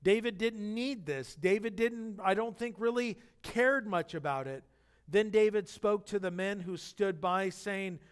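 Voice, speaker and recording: High-voiced man preaching a sermon. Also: measured pace, smooth. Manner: animated, acts out scripture quotes. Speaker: pastor.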